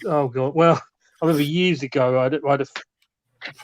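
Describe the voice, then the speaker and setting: A man's voice: on the high side, brisk, no room sound. A man in casual chat who rambles and corrects himself while telling a story, heard over a video call. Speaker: regular of a modelling chat. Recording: dry, dull lo-fi sound.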